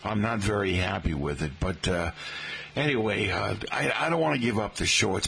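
A man's voice: fairly low pitch, big pitch swings, moderate pace, vocal fry, a bit bright, breathy edge. An older man from the Boston area, hosting local morning radio in a chatty, folksy way with lots of fillers. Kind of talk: rambling morning radio chat.

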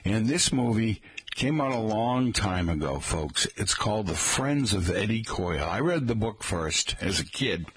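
A man's voice: on the low side, lively intonation, a little slow, a little hiss or hum. A middle-aged man from the Boston area hosting a rambling, chatty talk monologue and calling his listeners folks.

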